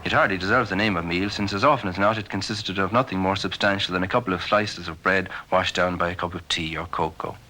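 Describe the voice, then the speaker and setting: A man narrating a documentary in a measured, formal scripted style. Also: sits low, steady tone, pushed and bright, a little hiss or hum, rough recording.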